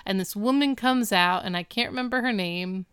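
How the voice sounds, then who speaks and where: A woman co-hosting a podcast in relaxed chat, tossing in wry asides and quick agreement. Her voice is exceptionally clear and smooth at a middle pitch. The recording is close and dry. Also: no room sound. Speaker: podcast co-host. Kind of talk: casual chat recapping TV episodes.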